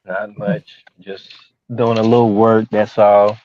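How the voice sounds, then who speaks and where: A man's voice: lowish voice, level tone, slow, darkish tone. Easygoing man on a dull call line. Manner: easygoing, laid-back. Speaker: guest. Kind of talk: casual chat.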